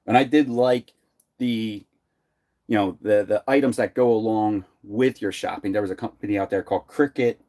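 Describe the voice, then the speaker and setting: A man's voice: on the low side, moderate pace, mellow. A man with a Philadelphia accent co-hosting a casual RV chat, rambling and laughing often. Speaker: RV vlogger co-host.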